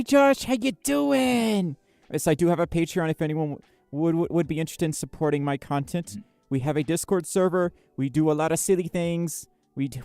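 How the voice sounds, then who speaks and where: A woman's voice: deep voice, darkish tone, no echo. A woman chatting casually on a livestream, bubbly and giggly, reading chat messages aloud with lots of fillers. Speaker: streamer.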